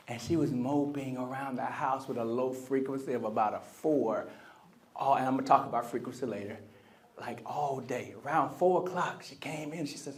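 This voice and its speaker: A man's voice: mid-range voice, normal speed, slight background noise. A man giving a live motivational keynote speech in a convention center hall. He talks with energy and keeps prompting the crowd to answer him. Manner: energetic, call-and-response with the crowd; acts out quoted voices. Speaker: motivational speaker.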